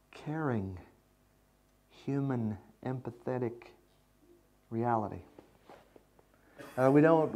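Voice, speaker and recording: A man teaching a seminary class on pastoral care, reflective and unhurried, with many pauses. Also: mid-range voice, a little mellow. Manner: slow, reflective, with pauses and fillers. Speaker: seminary lecturer. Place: lecture room.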